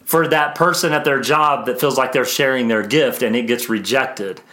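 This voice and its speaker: A man's voice: medium pitch, moderate pace. Musing male podcast host. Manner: warm, musing, many restarts and trailing phrases. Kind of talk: conversational interview.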